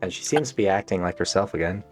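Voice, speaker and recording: Brief: male player narrating a story game, deep-ish voice, playful dramatic reading. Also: expressive, quick pace, soft background music. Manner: dramatic reading broken by laughing and joking. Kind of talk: reading a visual novel aloud.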